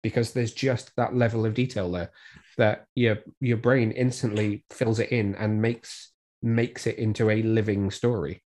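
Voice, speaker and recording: A man with a slightly low voice, a guest on a casual comics podcast. He sounds relaxed and keen, and he walks through comic panels in fine detail. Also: unhurried. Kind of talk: casual comics review chat.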